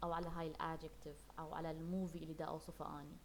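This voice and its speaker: A quick-speaking woman runs a classroom English lesson, switching freely between English and Arabic. She explains each word patiently, repeats it, and keeps checking that her students follow. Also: low-pitched, little pitch movement, a little hiss or hum. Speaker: English teacher.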